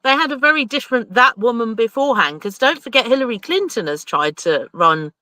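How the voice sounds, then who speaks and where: Bright, animated woman co-host. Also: on the high side, fairly quick, dry recording, poor audio. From London. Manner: earnest, argumentative. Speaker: radio co-host. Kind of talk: casual on-air banter.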